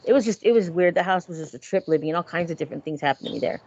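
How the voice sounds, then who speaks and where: A woman hosting a casual podcast chat, telling creepy stories in an animated way and acting out the voices in them. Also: on the low side, racing. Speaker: podcast host. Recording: dull lo-fi sound.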